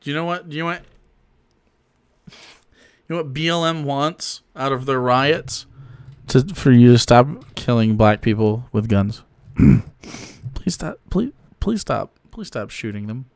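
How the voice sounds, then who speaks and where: A man's voice: medium pitch, lively intonation, a little slow, creaky, long pauses, clean tone. A man streaming political commentary, mocking and heckling a clip with a lot of swearing.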